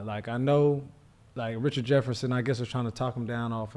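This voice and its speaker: A man co-hosting a casual sports podcast, retelling events in a relaxed way with plenty of quoted speech. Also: medium pitch, brisk, a little hiss or hum. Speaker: podcast co-host.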